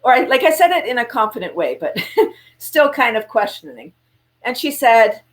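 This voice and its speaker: This woman's voice is on the high side, at a moderate pace. A guest entrepreneur in a casual interview over video call, she tells lively stories and acts out quotes with laughs.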